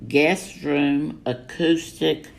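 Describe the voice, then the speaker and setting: A man playing a slow-talking drama queen. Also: on the high side, fairly even intonation, creaky, a little hiss or hum, heavily acted. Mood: campy. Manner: dramatic, gossipy storytelling with camp exclamations. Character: flamboyant middle-aged Southern man stuck in lockdown. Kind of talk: comic character monologue. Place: home, indoors.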